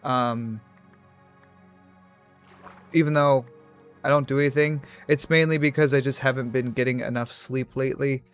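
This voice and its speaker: A man's voice: mid-range voice, fairly even intonation, moderate pace, long pauses, clean tone, soft background music. A young man chatting casually on a game livestream, rambling from one tangent to the next and poking fun at himself. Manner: rambling, tangent-hopping, self-deprecating. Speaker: streamer. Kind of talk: casual livestream chat while gaming.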